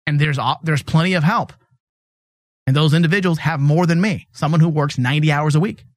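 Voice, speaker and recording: Higher-voiced guy hosting a podcast, teasing everyone, dry sound. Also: fairly quick, no room sound. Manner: blunt, mocking, teasing. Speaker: podcast host. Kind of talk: casual comedy chat.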